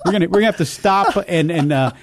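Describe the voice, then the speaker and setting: An older man, a voice actor, telling stories in an interview with lively energy. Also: high-pitched, quick pace, no echo. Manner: animated, slips into character voices. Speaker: voice actor guest. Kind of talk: storytelling interview.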